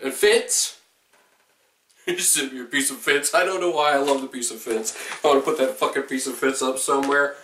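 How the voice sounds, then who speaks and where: A man opening a box of gifts on camera, excitable and swearing often, his voice jumping up when something thrills him. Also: mid-range voice, moderate pace, reverberant, distant mic, a little hiss or hum. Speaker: vlogger opening a fan mail box. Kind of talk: excited unboxing vlog.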